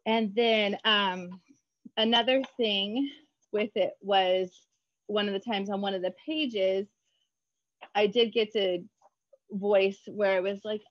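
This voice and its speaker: A woman's voice: medium pitch, dry recording. Bubbly chatty woman, dull dry audio. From United States. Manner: bubbly, quick, quotes herself in lively voices. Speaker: author guest. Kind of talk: casual interview chat.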